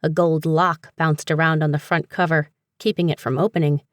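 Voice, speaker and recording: A woman reading a humorous fantasy audiobook in a steady, even storytelling manner. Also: deep voice, normal speed, few pauses, dry recording, studio quality. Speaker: audiobook narrator. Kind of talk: scripted narration.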